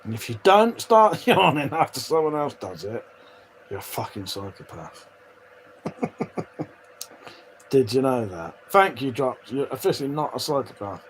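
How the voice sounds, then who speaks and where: This livestream host is very animated, speaking in a mid-range voice at a measured pace and pausing often. He keeps things casual, cursing freely and laughing while reading comments from viewers, over poor audio with slight hiss or hum.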